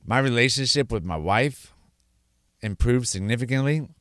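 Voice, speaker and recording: A man's voice: mid-range voice, moderate pace, fairly bright tone, no room sound, studio quality. A middle-aged man telling his own sobriety story in an earnest, rambling way, often restarting sentences and acting out quotes. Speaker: podcast host sharing his sobriety story. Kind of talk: candid personal monologue.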